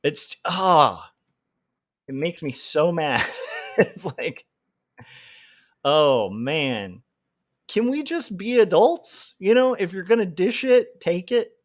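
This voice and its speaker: A man's voice: high-pitched, animated, slow, long pauses. A man ranting on a casual livestream, heated and rambling, with many filler words. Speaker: comic artist livestreamer.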